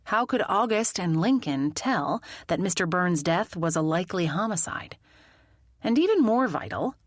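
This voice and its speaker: Expressive woman audiobook narrator. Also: on the low side, no echo, studio quality. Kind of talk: first-person audiobook narration.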